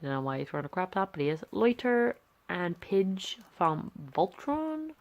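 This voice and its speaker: A woman's voice: on the low side, very animated, normal speed, muffled recording. A young woman chatting casually and rambling with many fillers and restarts, filming on a handheld camera. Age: young adult. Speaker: art vlogger. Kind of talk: casual chat.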